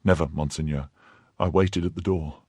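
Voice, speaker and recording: A man's voice: low-pitched, steady tone, normal speed, a little mellow, husky, no echo, clean studio sound. A man voicing a timid middle-aged mercer who answers anxiously and deferentially, crying out in alarm when frightened. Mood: nervous deference.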